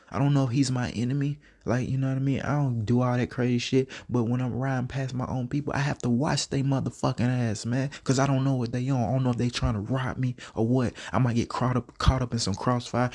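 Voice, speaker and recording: A man's voice: mid-range voice, warm tone. A man giving casual scripture commentary, reading verses aloud and then riffing on them in profane, streetwise talk. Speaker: self-taught Bible teacher.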